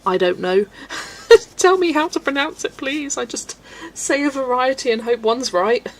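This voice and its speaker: A Belgian woman with a high-sitting, expressive voice and a measured pace reads chat on her casual colouring livestream from a desk at home. She laughs often and stumbles over names. The audio quality is poor.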